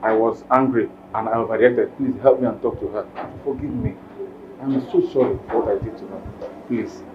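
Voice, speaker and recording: A man's voice: fairly low pitch, animated, brisk, highs cut off, background noise, lightly acted. An actor as a pleading Nigerian young man. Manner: pleading, apologetic. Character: remorseful young man begging to reconcile.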